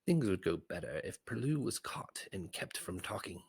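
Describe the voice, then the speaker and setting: A man voicing a sly, scheming old creature advisor with a raspy, fawning way of talking, in a storybook reading. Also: low-pitched, moderate pace, no echo, full character voice. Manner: wheedling, fawning flattery.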